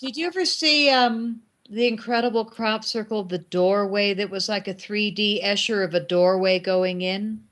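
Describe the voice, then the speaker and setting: A middle-aged woman spins a story in easy conversation, acting out the voices of the people in it. Her pitch sits in an ordinary middle range, and she talks freely and expressively. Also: normal speed, few pauses. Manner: animated anecdotes with acted quotes. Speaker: guest filmmaker. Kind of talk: casual storytelling.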